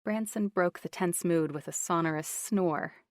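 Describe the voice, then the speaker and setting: An audiobook narrator, female and somewhat low-voiced, reads scripted narration from a novel with calm, measured evenness. There's no room sound, and the quality is that of a studio.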